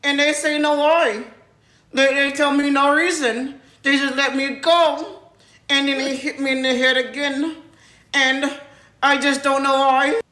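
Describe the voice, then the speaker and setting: A man putting on a high, slow, whiny voice in a comedy clip, telling of his arrest in a self-pitying way. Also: little pitch movement, pushed and bright, roomy sound, full character voice.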